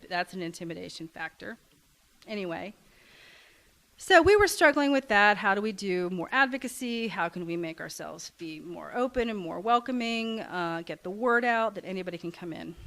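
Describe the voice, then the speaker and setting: Woman from Kentucky telling a story. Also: mid-range voice. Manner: warm storytelling with hesitant fillers. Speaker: nonprofit café founder and director. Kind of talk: talk to a congregation.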